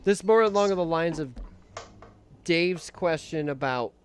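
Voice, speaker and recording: A man's voice: a little high, a little slow, slight background noise. A man co-hosting a comedy podcast, joking animatedly and slipping into silly voices. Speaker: podcast co-host. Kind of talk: casual comedic chat.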